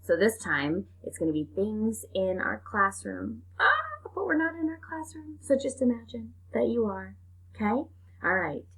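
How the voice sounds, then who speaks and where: A woman teaching a phonics lesson to young children at a slow, deliberate pace, praising and drawing out sounds. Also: mid-range voice, big pitch swings. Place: home.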